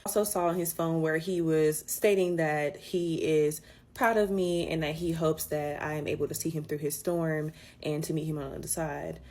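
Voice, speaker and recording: A woman's voice: sits low, fairly even intonation, moderate pace, darkish tone. A woman casually recounting a painful breakup, candid and swearing, her voice climbing when she stresses a point. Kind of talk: casual storytime.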